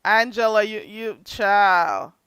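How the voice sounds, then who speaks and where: Chatty, animated woman streamer, bright voice. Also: slow pace, clear, resonant tone, dry recording. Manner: animated, chatty, drifts between low asides and loud outbursts; slips into Jamaican patois for comic effect. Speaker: livestream host. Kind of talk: casual commentary to live chat.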